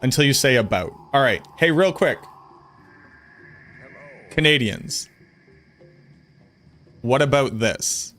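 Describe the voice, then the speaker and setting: A man's voice: mid-range voice, slow, long pauses. A man with a Boston accent streaming a game, chatting casually and emphatically while reading chat aloud. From Boston area, US. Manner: emphatic, animated, jokingly indignant.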